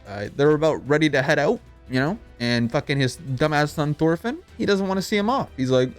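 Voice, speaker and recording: A man's voice: fairly high pitch, animated, fairly quick, hardly any pauses. A young man narrating a comedic anime recap in an irreverent, profane, sarcastic, rambling way. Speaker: video narrator. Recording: voice-over with background music.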